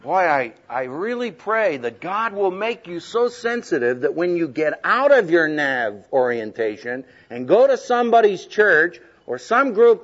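A man with a high, lively voice gives a sermon-style teaching talk, swinging his pitch widely and bursting into loud quoted voices for laughs. The recording is dull and lo-fi. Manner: animated, humorous, acts out quoted voices loudly. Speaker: preacher teaching speaking skills.

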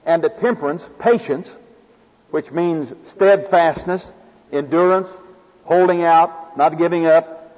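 A man's voice: fairly high pitch, slow. A man with an Oklahoma accent preaching a sermon in a folksy, homespun way, drawing on farm stories. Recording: dull lo-fi recording in a reverberant hall.

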